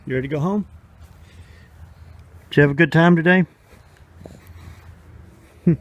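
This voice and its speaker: A man's voice: a little high, a little slow, dull audio. An older man filming a casual home video, chatting and coaxing his baby granddaughter as he talks to her.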